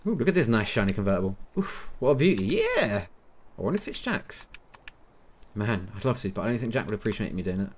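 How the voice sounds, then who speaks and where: A man's voice: fairly low pitch, animated, fast talker, slight background noise. A man giving chatty, self-deprecating let's-play commentary, thinking aloud as he plays. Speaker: gaming YouTuber.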